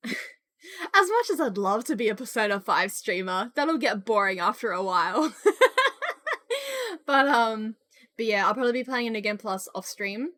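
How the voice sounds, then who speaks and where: A young woman live-streaming a game, chatting loudly and excitedly with her viewers. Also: mid-range voice, no echo. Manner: excitable, loud, bursts into squeals greeting chat. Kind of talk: casual live-stream chat while gaming.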